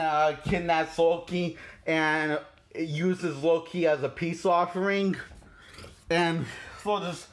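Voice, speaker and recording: Halting man retelling a movie. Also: fairly high pitch. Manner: halting, many fillers, frequent chuckles. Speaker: film reviewer. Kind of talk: casual movie plot retelling.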